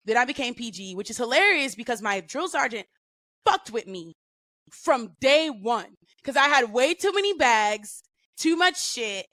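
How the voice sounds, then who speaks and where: Give me a woman with a high, bright voice, chatting casually with plenty of slang and swearing. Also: measured pace, no room sound. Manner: profane, animated, slangy. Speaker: podcast guest. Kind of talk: casual storytelling.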